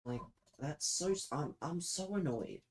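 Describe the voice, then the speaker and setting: A young man rants to his live chat with sarcastic, exasperated profanity. His voice sits fairly high, and he drags out his words in a slow, drawn-out way. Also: lively intonation, a little mellow, poor audio. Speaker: streamer. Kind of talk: live-stream rant to chat.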